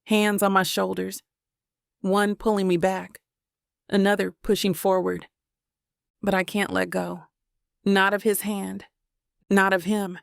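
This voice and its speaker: A woman's voice: mid-range voice, little pitch movement, slow, creaky, pauses often, smooth, no echo. A woman narrating a first-person romance audiobook with dramatic, emotional delivery on a close studio mic.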